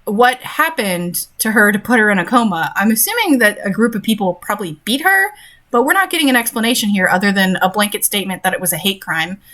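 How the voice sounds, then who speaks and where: A woman's voice: mid-range voice, lively intonation, quick pace, bright, forceful tone. A young woman reading a story aloud and breaking off into sarcastic, exasperated commentary on it. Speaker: host reading and critiquing a story.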